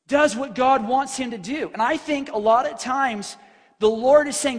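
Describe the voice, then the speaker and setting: A man preaching a sermon in a church hall, animated and conversational, often filling with "like". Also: extremely high pitch, unhurried, slightly rough. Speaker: pastor. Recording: long reverb from a large hall.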